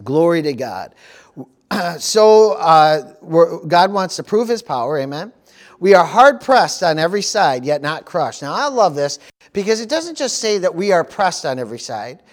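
A man's voice: on the high side, very animated, a little slow. A middle-aged man from the United States preaching a sermon as pastor, peppering his talk with "praise the Lord" and "amen.".

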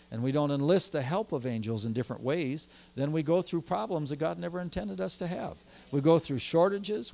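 A man preaching a sermon as pastor, telling stories from his church in an animated way and growing excited as he goes. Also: fairly high pitch. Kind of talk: sermon with personal storytelling.

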